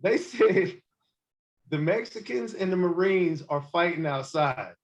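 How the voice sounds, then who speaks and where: Guy in his 40s, hip hop artist, chatty storyteller, kinda high voice, dull lo-fi recording. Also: a little slow. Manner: animated storyteller, acts out quotes. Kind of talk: casual storytelling interview. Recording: muffled lo-fi recording.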